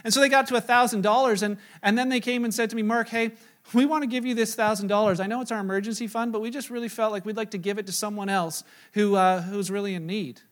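High-voiced pastor telling a lively story. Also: male voice, quick pace. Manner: animated storytelling, acts out his own quoted lines, self-mocking. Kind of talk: sermon with personal story.

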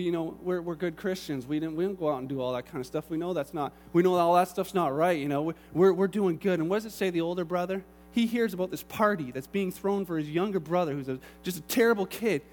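A man preaching a sermon, telling the story with animated energy and acting out the characters. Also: fairly high pitch, fast talker.

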